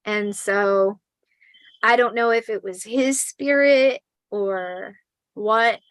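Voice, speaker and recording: A woman in her forties telling a spooky personal story in a casual, animated way, swearing and acting out the quotes. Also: mid-range voice, slow, dry recording, poor audio.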